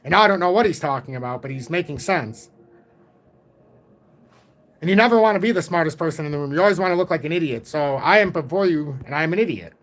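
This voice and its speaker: Direct him as an excitable, rambling male livestream host. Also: a little high. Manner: rambling, excitable, self-taught trader talk. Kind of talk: casual livestream chart talk. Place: at home.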